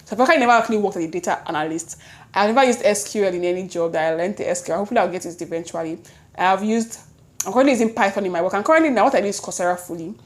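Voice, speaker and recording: A young woman with a Nigerian accent, telling a story in a lively, chatty way to her vlog audience. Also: medium pitch. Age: young adult. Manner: lively, chatty, quick self-corrections, Nigerian slang interjections. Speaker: vlogger. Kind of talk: casual storytelling to camera.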